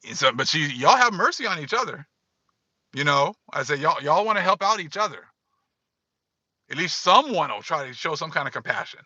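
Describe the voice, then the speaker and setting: A man's voice: a little high, big pitch swings, normal speed, bright, forceful tone, breathy edge, no room sound, dull audio. A man giving casual livestream commentary, emphatic and repetitive, talking straight to his viewers. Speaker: online commentator.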